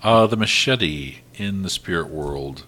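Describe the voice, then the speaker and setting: A man acting as game master, narrating a tabletop role-playing game in a relaxed way and laughing often. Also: deep voice, measured pace.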